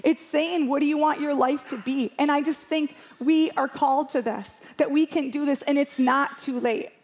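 A woman's voice: sits high, steady tone, normal speed, a little mellow. A woman around forty, a pastor, preaching a sermon to a church congregation in a passionate, emphatic way, repeating phrases for rhythm.

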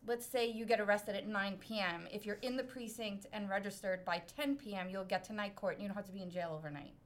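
A woman's voice: medium pitch, quick pace. A middle-aged woman from Brooklyn telling a story in casual chat as a podcast guest, laughing often and poking fun at herself. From Brooklyn, New York. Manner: laughs often, animated and self-mocking.

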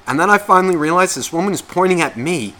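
Male podcast co-host, bright edgy tone, profane and animated in casual chat. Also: sits high, fast talker.

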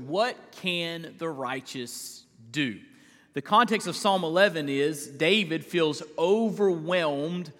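A man preaching a live evening sermon in a church, his voice sitting a little higher than most men's. He talks in an easygoing, conversational way, stopping to restart phrases and filling gaps with "uh." The sound carries a long reverb from the hall. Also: fairly bright tone. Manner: conversational, with frequent fillers and restarts. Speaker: senior pastor. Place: church sanctuary.

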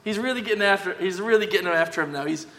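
A man preaching a sermon as pastor, talking conversationally and emphatically, often checking in with a quick "yeah?". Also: high-pitched, sharp tone. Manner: conversational, emphatic, tag questions. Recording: long hall reverb.

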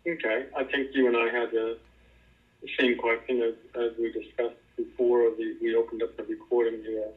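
A man's voice: mid-range voice, little pitch movement, moderate pace. A man in a Bible study group who reads scripture aloud and asks thoughtful questions. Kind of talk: reading scripture and asking questions. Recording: tinny phone line.

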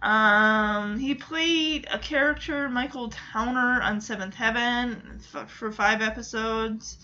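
A woman recaps a show in a chatty, casual way, quick to react and poke fun. Her voice is bright and a little high. The recording is dull and lo-fi. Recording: dull lo-fi sound.

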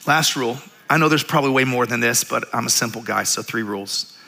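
A man preaching a sermon as pastor, telling stories with animated, jokey asides. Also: medium pitch, quick pace, creaky. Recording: reverberant church hall.

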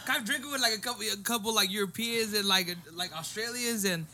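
A man from Guam excitedly telling a story in casual chat, saying "bro". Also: high-pitched, a little fast, a little hiss or hum.

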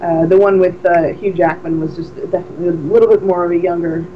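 A podcast co-host tells stories with plenty of energy in a casual chat, restarting her sentences often. She has a lowish voice and talks fast, and the dull lo-fi recording has a little hiss or hum.

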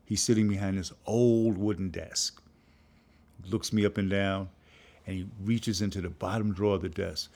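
A man's voice: steady tone, moderate pace, gravelly, darkish tone. An older man, a filmmaker and professor, telling a story and acting out the voices of people in it. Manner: acts out voices of people in his story, jumping high in pitch. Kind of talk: animated storytelling.

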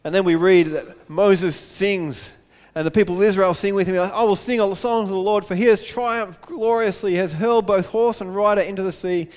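A man preaching a sermon earnestly, repeating phrases and building to excited emphasis. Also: sits high, normal speed, hardly any pauses, in a large hall.

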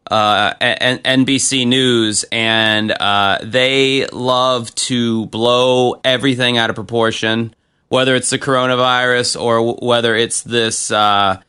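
A man with a bright, forceful voice, co-hosting a loose conversation. He rants with a lot of swearing and speeds up when he gets worked up. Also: mid-range voice, smooth. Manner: profane, ranting, fast and animated. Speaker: podcast co-host. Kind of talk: casual chat.

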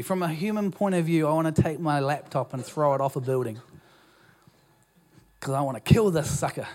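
A man's voice: on the high side, moderate pace, darkish tone. A man with a New Zealand accent preaching a sermon as pastor in a church, in a conversational, self-deprecating way with frequent restarts. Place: church auditorium.

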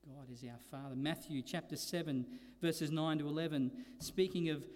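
High-voiced preacher in an echoing hall. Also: male voice, fairly even intonation, a little mellow. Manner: preaching with slow emphatic stresses and dynamic swings. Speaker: pastor. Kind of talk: sermon.

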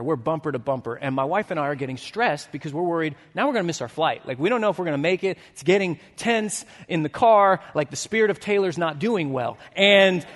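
A pastor in his thirties preaching a sermon. He tells a story with lively energy, then drops to a hushed, earnest tone. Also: high voice. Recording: long hall reverb.

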